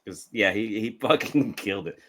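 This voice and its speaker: A man's voice: on the low side, animated, moderate pace, a bit bright, slight background noise. A man co-hosting a casual movie review podcast, joking around, laughing often and swearing freely. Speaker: podcast co-host.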